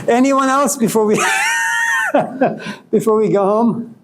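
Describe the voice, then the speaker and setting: A man's voice: very high voice, extremely slow, raised voice, background noise. A man giving an informal spiritual lecture to a live audience, joking and telling stories in a loose, conversational way.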